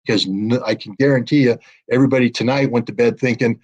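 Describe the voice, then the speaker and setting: Blunt, husky older man. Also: medium pitch, steady tone, fast talker. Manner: forceful, blunt and emphatic, with repeated warnings. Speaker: guest commentator. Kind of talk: impassioned political commentary.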